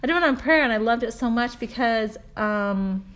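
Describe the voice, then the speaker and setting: A woman in her forties, a mother talking through a faith story and scripture lessons in a chatty, earnest way, softer when she reads verses. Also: a little high, lively intonation, normal speed. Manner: chatty storytelling, warm earnest asides with soft laughs. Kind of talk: casual religious talk.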